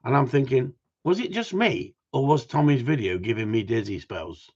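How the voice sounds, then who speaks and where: A man chats to his livestream audience in a joking, teasing way, laughing often between lines. His voice sits at a middle pitch for a man. The stream audio sounds dull and lo-fi. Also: animated, normal speed, a little mellow. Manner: joking, banters with chat, frequent laughs. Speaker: livestream host. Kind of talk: casual livestream chat.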